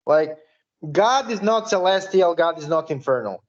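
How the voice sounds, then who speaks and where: A man hosts a podcast, talking loosely and swearing freely, his sentences full of fillers. His voice sits a little high. The sound is muffled and lo-fi. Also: expressive, normal speed. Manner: casual, profane, filler-heavy. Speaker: podcast host. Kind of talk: casual interview chat. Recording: dull lo-fi recording.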